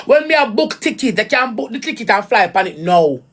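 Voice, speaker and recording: A woman's voice: on the high side, very animated, fairly quick, fairly bright tone, slightly rough. A woman with a Jamaican accent giving blunt, repetitive commentary in patois on a reaction vlog.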